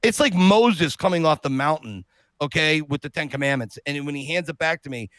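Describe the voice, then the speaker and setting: A man on a podcast telling an animated personal story, acting out the people he quotes. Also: fairly high pitch, fairly quick, no echo. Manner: lively anecdote teller who acts out quotes. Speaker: podcast guest.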